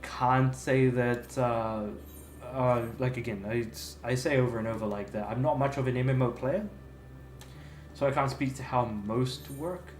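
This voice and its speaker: A man's voice: medium pitch, fairly even intonation, measured pace, slight background noise. A young man chatting casually while livestreaming a game, rambling with lots of fillers and restarts. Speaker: game streamer. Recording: echoey room, faint music behind.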